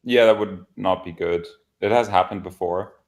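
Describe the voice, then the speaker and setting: A man co-hosting a livestream in casual chat, relaxed, laughing often and swearing casually. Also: low voice, normal speed. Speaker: developer co-host.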